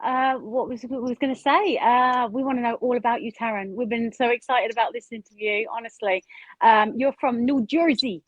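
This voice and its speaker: A woman's voice: a little high, moderate pace, dry recording. A woman co-hosting a casual live-stream interview, gushing with enthusiasm. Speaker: co-host. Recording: dull lo-fi stream audio.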